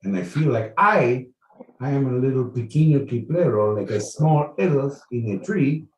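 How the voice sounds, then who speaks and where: A man putting on a Colombian accent, rambling dreamily and haltingly. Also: medium pitch, expressive, reverberant, far from the mic, close to an everyday voice, poor audio. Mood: dreamy.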